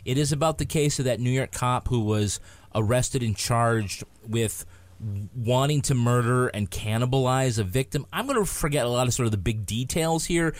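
A man's voice: mid-range voice, moderate pace, no echo. A man co-hosting a podcast, chatting casually and joking around. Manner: lively, joking, animated. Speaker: podcast co-host. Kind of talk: casual chat.

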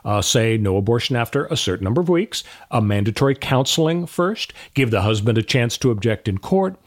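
A man's voice: mid-range voice, animated, brisk. Man explaining law, filler-heavy. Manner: explanatory, laying out options with frequent "uh" fillers. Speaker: podcast co-host, lawyer. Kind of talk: casual legal discussion.

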